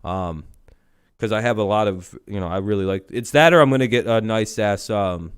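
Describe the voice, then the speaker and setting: Smooth-voiced man, laid-back streamer chat. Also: lowish voice, moderate pace, no room sound, clean studio sound. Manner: profane, laid-back and rambling. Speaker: live-stream host. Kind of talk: casual live-stream chat.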